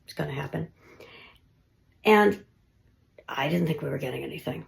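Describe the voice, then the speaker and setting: Low, gravelly-voiced woman narrating ghost hunts. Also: normal speed. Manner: conversational, often drops to a hushed near-whisper. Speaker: paranormal investigator. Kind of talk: casual narration of ghost-hunt recordings.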